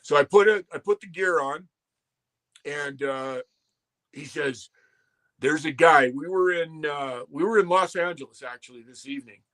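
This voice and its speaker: A man's voice: fairly high pitch, normal speed, a bit bright. A man in his sixties, a former wrestler, telling rambling, salty stories as a guest and acting out other people's quotes. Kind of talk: casual storytelling.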